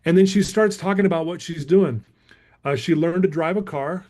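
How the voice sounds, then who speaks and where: A man's voice: on the high side, normal speed, warm tone. A middle-aged man, a guest speaker, telling a motivational story emphatically and calling his listeners "guys".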